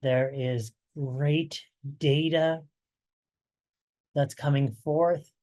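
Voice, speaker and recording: A man's voice: a little high, steady tone, extremely slow, dark tone. A man presenting research updates in a webinar, conversational and fond of rhetorical asides, while losing his voice.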